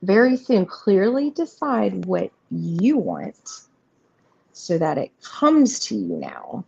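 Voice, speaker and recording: A woman's voice: medium pitch, big pitch swings, slow, vocal fry, dark tone, slightly rough. A woman hosting a live tarot reading, chatting casually and rambling through the cards with many fillers, reassuring the viewers. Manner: reassuring, speaks straight to viewers. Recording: slightly muffled stream audio with faint noise.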